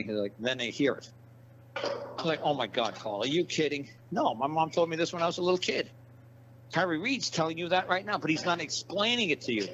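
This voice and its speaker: Blunt, profane man on a lo-fi line. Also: fairly high pitch. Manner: blunt, profane, rambling storyteller. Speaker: interview guest. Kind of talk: casual interview talk. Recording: dull lo-fi audio with background hiss.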